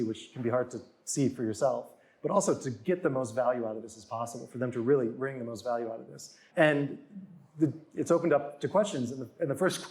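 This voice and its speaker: A guest author in his forties chats casually and tells stories, voicing quotes loudly as he acts them out. His mid-range voice has a slightly mellow quality.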